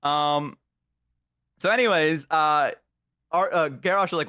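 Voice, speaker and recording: A man's voice: a little high, unhurried, long pauses, pushed and bright, clear, resonant tone, no room sound. A man chatting casually on a live stream, rambling with many ums and uhs into a close microphone. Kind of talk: casual chat.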